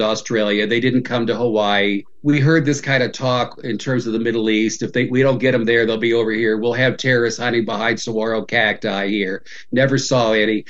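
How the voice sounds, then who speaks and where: Older American professor, emphatic and lo-fi. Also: male voice, lowish voice. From United States. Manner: emphatic and opinionated, stammering restarts. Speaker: university professor, interview guest. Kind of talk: radio interview answers.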